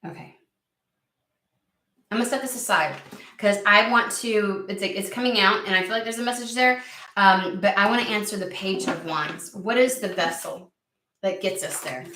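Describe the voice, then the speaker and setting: Excitable, swearing woman reading tarot. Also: medium pitch, normal speed, reverberant, far from the mic, a little hiss or hum. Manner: excitable, profane, talks back to spirit. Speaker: tarot reader.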